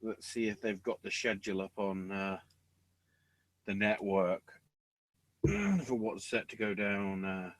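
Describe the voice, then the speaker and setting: A man co-hosting a podcast in casual chat, swearing often and bursting into excited outbursts. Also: on the low side, slow pace, pauses often, no room sound. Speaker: podcast co-host.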